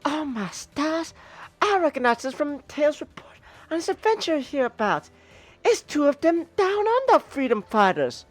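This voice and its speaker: A man's voice: extremely high pitch, big pitch swings, normal speed, voice pushed up. A man voicing a sweet-talking young female rabbit fighter who calls people sugar, in a comic read on stream. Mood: reassuring.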